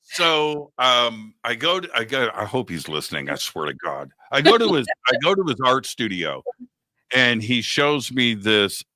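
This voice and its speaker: A man in his sixties hosting a talk show, telling a story in a lively conversational way and acting out the people he quotes. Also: medium pitch, unhurried, no room sound. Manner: animated, acts out quoted dialogue. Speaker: radio show host.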